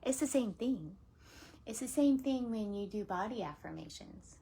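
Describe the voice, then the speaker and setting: A woman teaching laughter yoga in a casual, gentle coaching way, often dropping into whispers and playful laughs. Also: on the high side, lively intonation, normal speed, husky. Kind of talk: casual spoken guidance.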